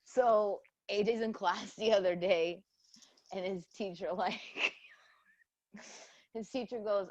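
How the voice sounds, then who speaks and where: A woman's voice: medium pitch, steady tone, slow pace, pauses often, darkish tone, muffled recording. A young woman co-hosting a podcast in casual chat, blunt and profane, laughing often. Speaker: podcast co-host.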